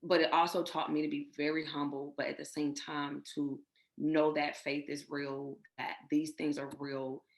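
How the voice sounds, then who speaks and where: A woman's voice: low-pitched, flat delivery, normal speed. A woman guest telling her personal infertility story in an interview, emotional and full of faith, often quoting what others said. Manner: emotional, faith-filled, retells others' words.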